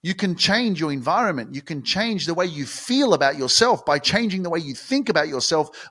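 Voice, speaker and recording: A man's voice: on the high side, sing-song, fairly quick, few pauses, a bit bright. A young man from Australia hosting a motivational podcast, talking bluntly and swearing freely.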